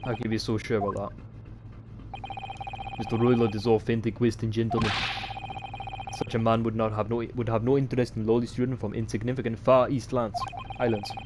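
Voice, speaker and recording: A man voicing a gruff, hostile male ship guard in a mock Russian accent, speaking curt broken English, as a game character voice, with steady noise in the background. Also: on the low side, a little fast, lightly acted. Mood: stern. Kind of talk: let's-play character voice.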